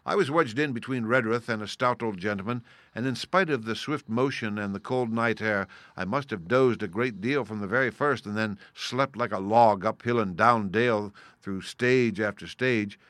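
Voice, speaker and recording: A man reading a classic adventure novel aloud as an audiobook, in steady, measured storytelling narration. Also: on the low side, no room sound. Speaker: audiobook reader. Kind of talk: scripted narration.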